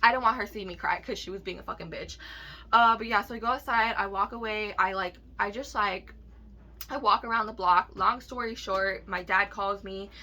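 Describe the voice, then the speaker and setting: Casting: young woman, bright forceful voice, candid storytime rant full of swearing and "like, right?" fillers. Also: medium pitch, normal speed. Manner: candid, heavy swearing, many fillers and tag questions. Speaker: vlogger.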